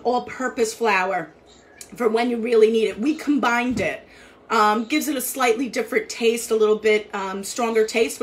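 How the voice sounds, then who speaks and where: A woman's voice: high voice, a bit bright. A woman hosting a live cooking demo, chatty and upbeat, talking to viewers while she cooks and tastes. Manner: chatty, upbeat, eats and talks at once. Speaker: cooking show host. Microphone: live stream from a kitchen.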